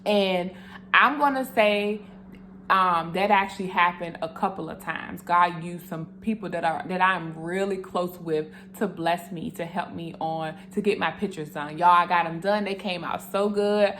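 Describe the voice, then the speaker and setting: A young woman tells her faith testimony straight to camera in a slightly low voice. She is earnest and animated, speaking to her viewers with open emotion. Faint room noise sits behind her. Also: a little slow.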